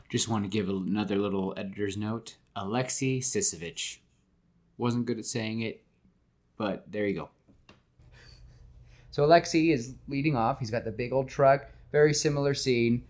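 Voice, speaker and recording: A man hosting a casual podcast, talking in an animated, self-deprecating way and slipping into quick character voices. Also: medium pitch. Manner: self-deprecating, admits nervousness. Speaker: podcast host. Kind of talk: casual podcast chat retelling a film.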